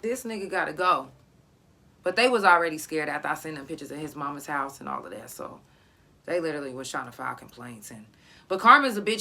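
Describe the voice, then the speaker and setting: A woman's voice: on the low side, bright, forceful tone. A woman telling her story in casual, profane talk, acting out the voices of the people she quotes.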